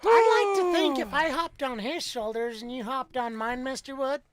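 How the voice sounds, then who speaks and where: A man's voice: very high-pitched, normal speed, crowd noise. A man who rides rodeo, chatting and joking easily about his injuries. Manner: joking, easygoing. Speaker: rodeo cowboy guest. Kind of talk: casual chat.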